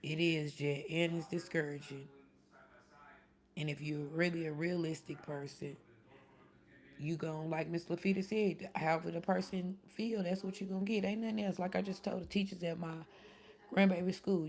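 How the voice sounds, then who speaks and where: Low raspy-fried voice lady, middle aged, just chillin on a live stream talkin to chat. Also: darkish tone. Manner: chatty, talks back to commenters by name. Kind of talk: casual chat.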